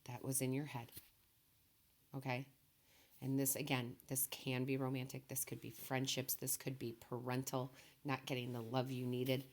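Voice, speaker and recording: A tearful woman reads tarot in a very deep, low voice. She speaks softly and gently, reassuring her listeners and checking in with them often. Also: flat delivery, moderate pace. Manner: soft-spoken, emotional, reassuring, says okay often. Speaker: tarot reader. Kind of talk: emotional tarot reading.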